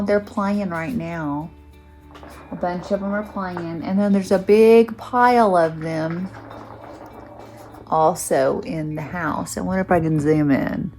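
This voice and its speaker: A woman chatting casually to her camera on a tripod in her living room, with a soft, chatty manner. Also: lowish voice. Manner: soft, chatty, coos in baby talk to the kittens. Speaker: knitting vlogger. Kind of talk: casual vlog chat.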